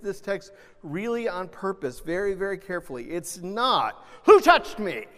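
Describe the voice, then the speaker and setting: High-voiced preacher in a reverberant hall. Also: male voice. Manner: animated, shifts between loud emphasis and soft gentle asides. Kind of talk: sermon. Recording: long reverb of a large hall.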